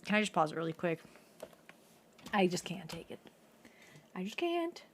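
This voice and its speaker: A young woman streaming a video game who comments in an excitable, chatty way and talks to her chat. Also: fairly low pitch, normal speed, a little hiss or hum. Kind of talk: casual live-stream commentary.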